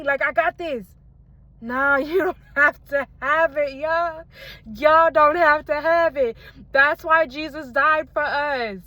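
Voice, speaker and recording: A woman's voice: high voice, pushed and bright. A woman giving a fervent personal faith testimony to her viewers, repeating phrases and calling them y'all, speaking into a phone she holds in her hand. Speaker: faith content creator. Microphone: phone held in hand.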